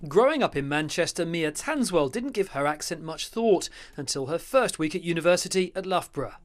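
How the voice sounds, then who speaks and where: A male reporter with a slightly high voice, narrating a news package. He reads his scripted lines in an even, formal style. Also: brisk.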